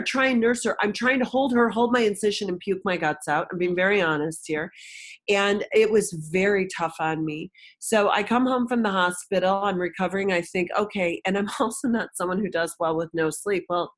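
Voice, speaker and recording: A woman guest in an interview, frankly telling a personal story and acting out the voices of people she quotes. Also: medium pitch.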